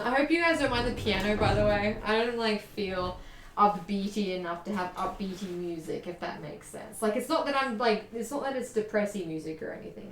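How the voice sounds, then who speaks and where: A woman's voice: mid-range voice, fairly bright tone, echoey room, a little hiss or hum. A young Australian woman chatting casually with viewers while she sews, reading comments aloud, joking and laughing at herself. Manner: chatty, self-mocking, laughs often, reads chat aloud. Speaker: sewing streamer. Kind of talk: casual live-stream chat while sewing.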